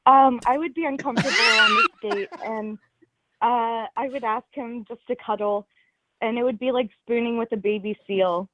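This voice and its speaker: A woman calling in to a livestream to deliver a deadpan, hesitant roast. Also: a little high, normal speed, noisy background. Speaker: caller. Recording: tinny phone line.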